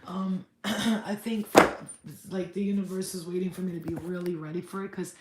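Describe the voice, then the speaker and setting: A woman's voice: on the low side, fairly even intonation, moderate pace, echoey room, very noisy. A woman hosting a spiritual livestream, chatting candidly, swearing freely and answering viewer comments. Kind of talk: casual livestream chat.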